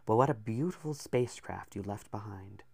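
A man voicing a calm hooded male Templar who speaks quietly and breathily with an odd accent, in an audiobook. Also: lowish voice, moderate pace, no echo. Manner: quiet, breathy, near whispered, oddly accented.

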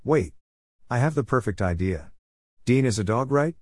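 A man's voice: medium pitch, animated, normal speed, a little mellow, no room sound, clean studio sound, lightly acted. Neon, a man voicing an earnest young pet leader. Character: anxious young male pet leading his friends.

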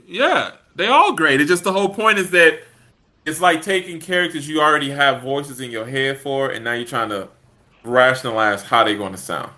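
A man hosting a casual show, talking in an animated way and laughing often. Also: medium pitch, normal speed. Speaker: podcast host. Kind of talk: casual chat.

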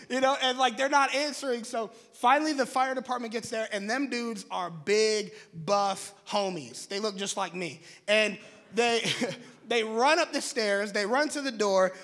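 Young guy, pastor, telling a funny story, high bright voice, acts out the yelling. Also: normal speed. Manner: lively, jokey, acts out his own shouts. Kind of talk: animated storytelling to an audience.

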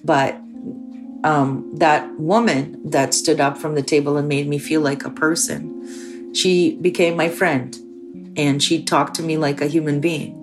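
Woman filmmaker, low voice, casual storyteller with lots of "like.". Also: fairly even intonation, unhurried, over music. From Soviet Union. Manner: candid, frequent "like" fillers. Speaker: filmmaker guest. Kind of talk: personal storytelling.

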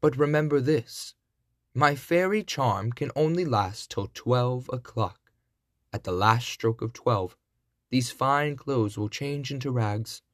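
A man voicing a kindly little old fairy godmother in a storybook reading, gentle but commanding. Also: animated, slow, dry recording, clean studio sound. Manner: gentle, commanding, higher and brighter than his narration.

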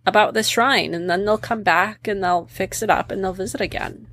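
Eager spirit girl, voiced by a woman: perky, proud, excitable. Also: mid-range voice, moderate pace.

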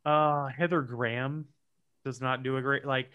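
A man's voice: medium pitch, fairly even intonation, a little slow, clear, resonant tone, highs cut off. A man in casual podcast banter, making dry jokes. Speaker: podcast co-host. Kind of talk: casual chat.

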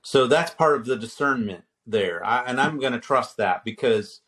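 A man's voice: mid-range voice, lively intonation, moderate pace, a bit bright. A man in his fifties who teaches at a seminary, telling a story in casual conversation, restarting sentences and quoting himself and others.

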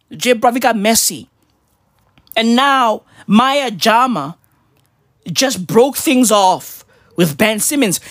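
Animated high-voiced man ranting. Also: dry recording, clean studio sound. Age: 30s. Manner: animated, profane, slangy, keeps asking "right?". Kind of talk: comedic rant.

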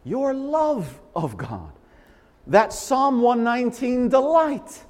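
A man preaching a sermon in an emphatic, animated way, repeating phrases for stress. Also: very high voice, takes it slowly. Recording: long hall reverb.

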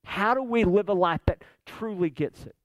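High-voiced man preaching a sermon. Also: normal speed, no room sound, highs cut off. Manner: impassioned preaching, voice rising and dropping. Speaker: pastor.

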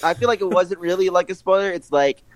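A man's voice: high-pitched, fast, no echo. A young man co-hosting a podcast, laid-back and slangy in casual chat. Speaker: podcast co-host.

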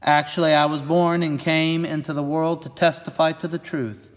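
A man reading the lines of a calm, solemn teacher on trial, in a measured voice. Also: on the high side, long reverb tail, natural voice.

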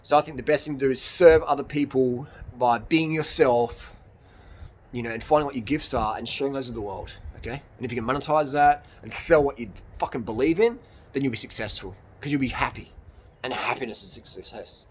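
In a mid-range voice at a fairly quick clip, with a little hiss or hum in the audio, a man gives a rambling, blunt motivational rant for YouTube. He's out in the hills on a cold evening, swearing and laughing at his own jokes.

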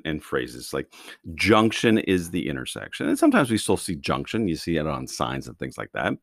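A low-voiced man from Canada hosts a solo podcast, telling stories in a chatty, playful way. His pitch swings widely as he talks. The recording is dry and close. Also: gravelly, dry recording. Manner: chatty storytelling with restarts and playful asides. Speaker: podcast host, driving instructor. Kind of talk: casual monologue podcast.

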